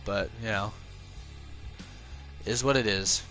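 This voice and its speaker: Over soft background music, a male livestreamer plays a racing game, talking casually to his audience and poking fun at himself. He speaks at a slow pace, chatty and self-deprecating, letting out high, excited yelps during the races.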